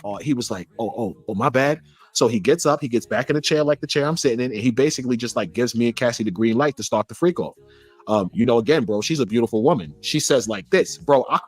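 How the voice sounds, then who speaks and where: A man's voice: mid-range voice, breathy edge, no echo. A man in a played interview clip, telling a story in brash slang and acting out his own quotes. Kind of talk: casual storytelling.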